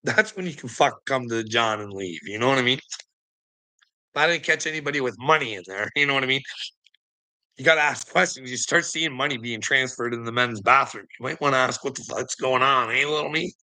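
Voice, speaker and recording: A man's voice: mid-range voice, brisk, bright, forceful tone, no echo, poor audio. A man ranting in casual, profane talk to a viewer, laughing often and mocking as he tells stories from work. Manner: addresses a viewer as "little me" and "buddy".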